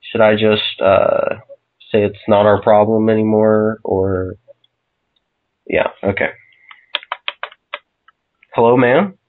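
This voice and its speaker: A man prank calling as customer service, calm and mock-polite. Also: lowish voice, unhurried. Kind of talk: prank phone call. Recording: tinny phone line.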